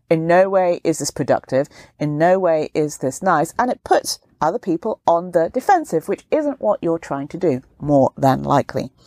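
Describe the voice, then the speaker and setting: Woman podcast host just chatting, pitch all over the place, super dry close sound. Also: warm tone, no echo. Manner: conversational, acts out quoted questions in a raised voice. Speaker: podcast host, career coach. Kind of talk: solo podcast monologue.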